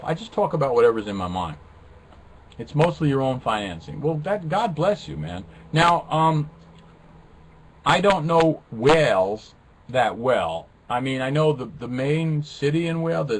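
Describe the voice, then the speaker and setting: A man's voice: mid-range voice, very animated, moderate pace, a little hiss or hum. A man hosting a live webcast, chatting casually and reading viewers' comments with a flippant, self-mocking humor. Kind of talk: casual rambling chat with viewers.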